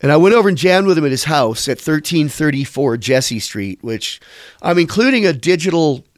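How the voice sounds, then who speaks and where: A man's voice: on the high side, lively intonation, normal speed, no echo, studio quality. A man in his fifties, a musician being interviewed, telling long casual stories in a rambling, profane way. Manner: rambling, profane, slips into quoted voices.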